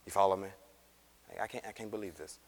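A man teaching a Bible class, animated and acting out the scripture characters as he reads. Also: low-pitched, quick pace. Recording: reverberant room.

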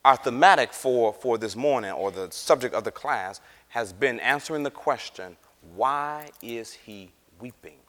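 A man teaching a Bible class, animated and acting out the scripture characters as he reads. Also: mid-range voice, moderate pace, hardly any pauses. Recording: reverberant room.

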